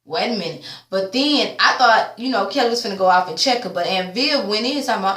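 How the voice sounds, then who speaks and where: Woman, sassy TV recap, tired, swears a lot, echoey room. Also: a little fast. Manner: animated, sassy, swears freely; quotes characters with big pitch jumps. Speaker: TV recap vlogger. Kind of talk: casual recap commentary.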